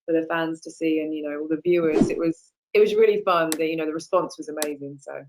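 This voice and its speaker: Actress guest, lowish voice, relaxed and friendly, on a video call. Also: female voice, fast talker, very noisy. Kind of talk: casual interview chat.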